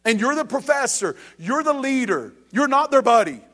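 A man's voice: very high voice, big pitch swings, normal speed, fairly bright tone. A man preaching a sermon as pastor, emphatic and repetitive, speaking straight to the congregation.

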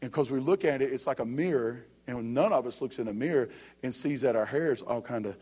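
A man's voice: mid-range voice, brisk, darkish tone, breathy edge, soft background music. A man, preaching a sermon to a church and breaking in often to ask if the congregation is ready. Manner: preaching with rising emphasis and repeated calls of "you ready?". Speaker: pastor.

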